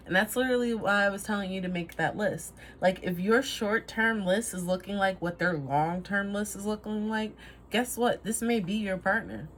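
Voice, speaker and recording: A woman's voice: mid-range voice, a little hiss or hum. A woman giving a casual tarot reading to camera, rambling, trailing off and laughing at herself. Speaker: tarot reader.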